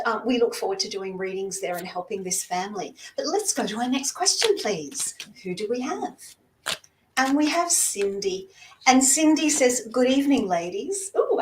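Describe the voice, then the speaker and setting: A woman hosting a live-stream psychic show, upbeat and chatty, reading out viewers' questions. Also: a little high. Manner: upbeat, chatty, laughs at herself. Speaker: host. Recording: echoey room, faint noise.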